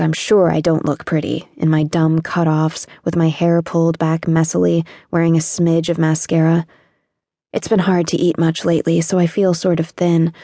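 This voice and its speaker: A woman's voice: on the low side, mellow, no room sound, studio quality. A woman narrating an audiobook in the first person, in a wry, sardonic teenage voice.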